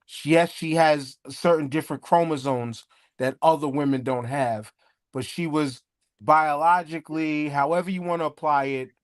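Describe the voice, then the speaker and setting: A man's voice: a little high, steady tone, moderate pace, no room sound, clean studio sound. A man co-hosting a casual podcast chat, cracking jokes, swearing freely and boasting about his punchlines. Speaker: podcast co-host.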